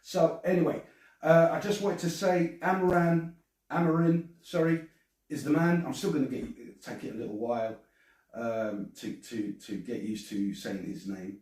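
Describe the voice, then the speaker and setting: Guy rambling on a live stream, bit high voice, echoey room, mic kinda far. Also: steady tone, moderate pace, a little mellow. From England. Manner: rambling, stammering, chatty. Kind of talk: casual live chat reading comments. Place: at home, alone.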